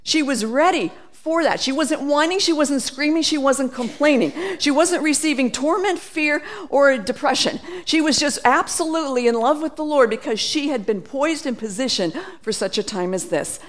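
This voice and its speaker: A woman preaching a sermon, animated, acting out quoted voices and reading scripture aloud. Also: sits high, moderate pace, hardly any pauses.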